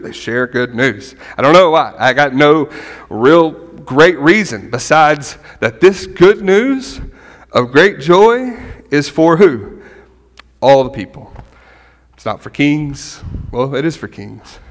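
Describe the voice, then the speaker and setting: Chatty man preaching in a reverberant hall. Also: mid-range voice. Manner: conversational, animated, keeps asking "right?". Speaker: pastor. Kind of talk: sermon.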